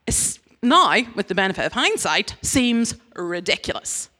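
A woman giving a lively, humorous sermon, acting out quoted voices with big leaps up in pitch. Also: a little fast, hardly any pauses. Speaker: preacher. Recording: long hall reverb.

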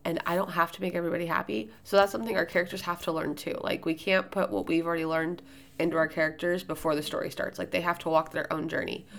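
A loud-voiced woman hosting a podcast, giving writing tips in casual, rambling solo talk with plenty of fillers and restarts. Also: fairly low pitch, steady tone, quick pace, vocal fry.

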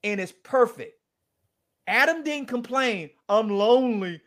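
Animated high-voiced male storyteller. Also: measured pace. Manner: lively, preacher-like, acts out quoted dialogue. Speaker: guest speaker.

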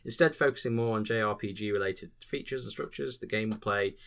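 A man hosting a gaming podcast, relaxed and easily amused. His voice is fairly low but bright and sharp-edged. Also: a little fast, gravelly. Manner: laid-back, laughs often. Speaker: podcast host reading news items. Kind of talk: casual gaming chat.

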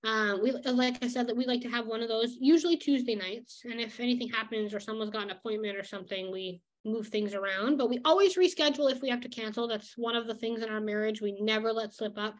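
A woman's voice: a little high, fast talker, hardly any pauses. A young woman vlogger chatting casually about her daily routine, full of "like" and easy laughs. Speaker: illustrator vlogger. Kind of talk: casual vlog chat.

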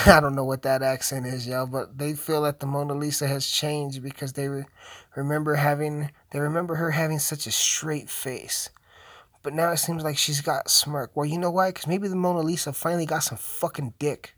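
A man's voice: on the high side, flat delivery, moderate pace, a bit bright, no echo. Young man, stoned, profane and rambling, joking casual commentary, dry close sound. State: high. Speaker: video host.

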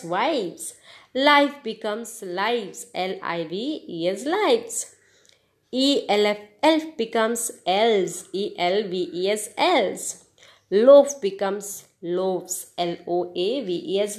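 A woman hosting a podcast English lesson, spelling words out letter by letter and encouraging her listeners. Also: fairly high pitch. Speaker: podcast host teaching English. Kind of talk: slow spelled-out grammar lesson.

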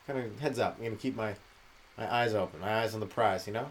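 A man's voice: on the low side, quick pace, a little hiss or hum. A male comedian hosting a podcast, rambling through a loose, profane solo monologue and dropping into mocking voices for the people he quotes.

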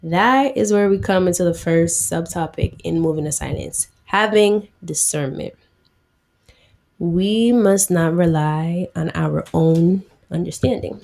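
A woman's voice: lowish voice, a little slow, vocal fry, darkish tone. A woman giving a casual, slangy sermon, retelling a Bible story in a chatty way full of 'like'.

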